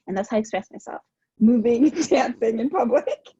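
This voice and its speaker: Expressive husky-voiced woman, lo-fi recording. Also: on the high side, a little fast, dry recording. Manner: effusive, filler-heavy, repeats herself. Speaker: podcast guest. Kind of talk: casual heartfelt conversation. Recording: dull, dry lo-fi audio.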